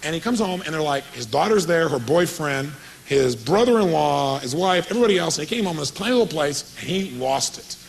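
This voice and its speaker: Energetic man addressing a seminar. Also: a little high, brisk, creaky, a little hiss or hum, poor audio. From California. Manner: energetic storytelling, quizzing the audience. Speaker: motivational speaker. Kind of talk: live seminar talk to an audience. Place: seminar hall with audience.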